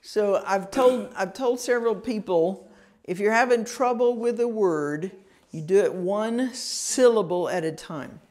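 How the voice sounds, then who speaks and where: A woman leads a citizenship class at an unhurried pace, her voice sitting mid-range. She drills words one syllable at a time, patient and encouraging. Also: mid-range voice, darkish tone. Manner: slow, clear, encouraging, sounds words out syllable by syllable. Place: classroom in a ministry center.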